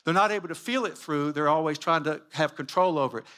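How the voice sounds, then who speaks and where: A man's voice: a little high, fast talker, fairly bright tone, clean tone. A man giving a sermon-style teaching with slides, emphatic and full of repeated rhetorical questions. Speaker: Christian teacher.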